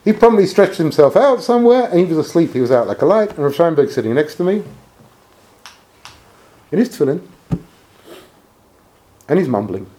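A man telling a personal anecdote in an animated, expressive way. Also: brisk, pauses often, a little hiss or hum. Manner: animated, expressive storytelling with swings in pitch. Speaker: speaker telling a personal story. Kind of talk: anecdotal storytelling talk.

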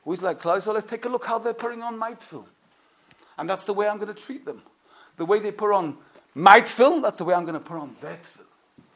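Brief: man with a very high voice, impassioned sermon. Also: quick pace. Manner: impassioned, swings from loud to hushed. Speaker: rabbi.

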